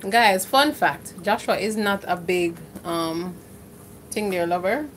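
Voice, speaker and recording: A woman's voice: on the low side, slow pace, slight background noise. A Jamaican woman hosting a casual home cooking livestream, playfully reading out viewer comments.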